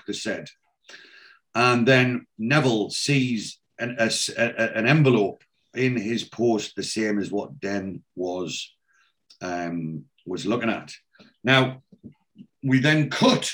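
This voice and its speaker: An English man hosts a podcast in a casual chat, recapping a TV episode by retelling its scenes and quoting the characters' lines. His voice is lowish, slow, and a bit bright.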